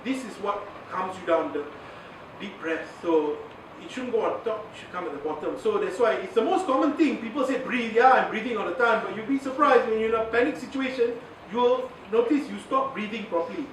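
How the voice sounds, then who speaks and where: The workshop trainer, a man who teaches media communication with a Malaysian English accent, speaks a little fast in a high voice. His lecture is chatty, full of laughter and Malay words, and the recording sounds distant, echoey, and noisy.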